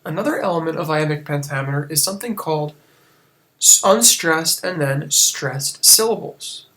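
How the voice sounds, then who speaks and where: A man's voice: a little high, animated, moderate pace, a bit bright. A man teaching a recorded lesson, speaking casually and explaining things step by step.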